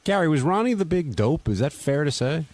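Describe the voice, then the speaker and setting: Man, radio host, probing questions, lively pitch. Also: brisk, no room sound. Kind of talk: radio talk show hosting.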